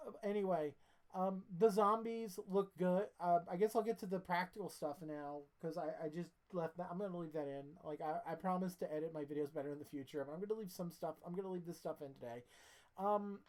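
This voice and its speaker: A woman's voice: on the low side, a little fast, a little mellow. Rambling, sleepy woman reviewing films. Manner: rambling, restarts often, casual swearing. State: sleepy, yawning. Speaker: film reviewer. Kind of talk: casual rambling film review.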